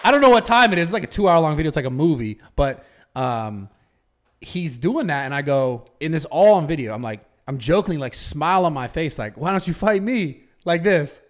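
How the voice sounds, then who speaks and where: Excitable man telling a rambling story. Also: on the high side, fairly quick. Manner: rambling, excitable storyteller who acts out quotes. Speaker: podcast host. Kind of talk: casual chat, animated storytelling.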